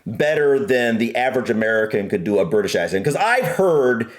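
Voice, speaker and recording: A man co-hosting a reaction video in casual chat, animated and rambling with restarts. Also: mid-range voice, a little fast. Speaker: reaction channel co-host.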